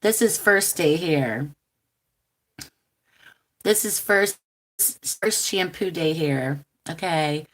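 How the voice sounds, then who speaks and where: Slow, low-voiced chatty woman in her forties. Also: fairly bright tone. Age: 40s. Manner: chatty, laughs often, trails off with ums. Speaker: tarot reader hosting a live stream. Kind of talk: casual rambling livestream chat.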